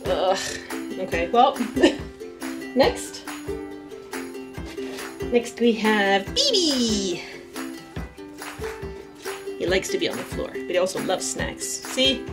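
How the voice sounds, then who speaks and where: A woman's voice: medium pitch, expressive, extremely slow, pauses often, music in the background. A woman in a casual home vlog, chatting about her pet rats with frequent laughs and cooing baby talk to them. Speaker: artist and vlogger introducing her pet rats.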